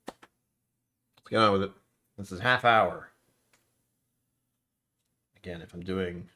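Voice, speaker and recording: A man with a lowish voice hosts a casual live stream at his computer. He rambles, second-guesses himself and greets chat as he goes. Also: a bit bright. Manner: rambling, self-correcting, talks to chat. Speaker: whiskey stream host.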